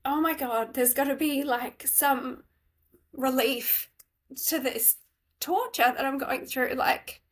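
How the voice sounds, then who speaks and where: A woman co-hosting a podcast, telling a personal story in a tearful, candid, halting way with many fillers. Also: high voice. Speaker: podcast co-host. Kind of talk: emotional personal story in casual chat.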